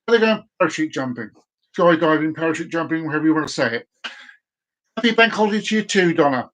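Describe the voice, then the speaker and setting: A man hosts a casual live stream with a high voice. He rambles, tumbles over repeated words and keeps losing his place. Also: expressive, fast talker, fairly bright tone.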